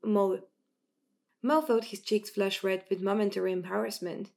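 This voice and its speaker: A woman narrating an audiobook in a steady, even storytelling manner. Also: mid-range voice, normal speed, creaky.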